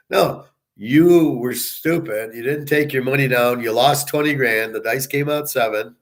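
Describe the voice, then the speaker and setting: A man giving a profane, scornful monologue as a sports handicapper and commentator, talking bluntly. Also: medium pitch. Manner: blunt, scornful, swearing often.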